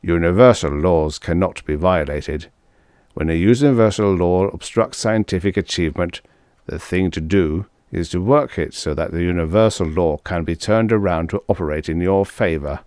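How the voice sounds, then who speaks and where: A man voicing a cautious Russian male scientist with a thick Russian accent, speaking slowly and guardedly. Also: deep voice, a little mellow, dry recording, studio quality, natural voice. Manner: slow, measured, guarded.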